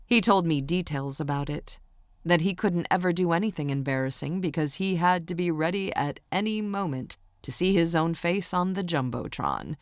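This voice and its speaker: A woman narrating a romance audiobook in the first person, in a steady, intimate storytelling manner. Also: on the low side, moderate pace, no echo, studio quality.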